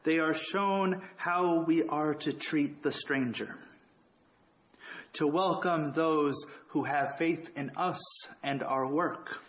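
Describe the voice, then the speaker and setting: Give me a man preaching in a relaxed, humorous way, with a higher voice and slow pace. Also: poor audio. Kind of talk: conversational sermon.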